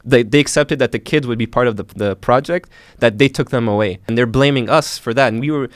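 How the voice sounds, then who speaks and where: Earnest young man with a clear voice. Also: medium pitch, a little fast, no echo, clean studio sound. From Canada. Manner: earnest, animated retelling with acted quotes. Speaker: filmmaker recounting an arrest. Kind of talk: emotional first-person storytelling.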